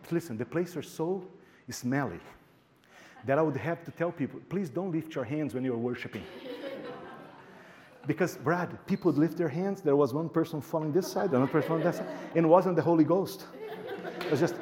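A male pastor telling a story in a sermon. He acts out the dialogue with animation and often repeats words. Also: a little high.

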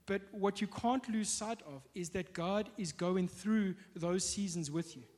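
A man preaching a sermon in a conversational way, often pausing on fillers and restarting his sentences. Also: sits high, a little mellow. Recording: long hall reverb.

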